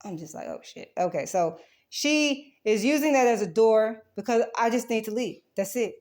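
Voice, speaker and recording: A woman's voice: a little high, normal speed, darkish tone. A woman giving a rambling, defensive account of a dispute, swearing often and restarting her sentences.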